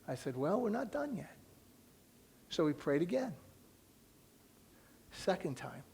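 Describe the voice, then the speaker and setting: A male pastor preaching in a church, telling a personal story with lively acted-out dialogue and soft, hushed asides. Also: a little high, vocal fry, breathy edge. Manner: animated storyteller who acts out dialogue and drops to a soft near-whisper. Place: church sanctuary.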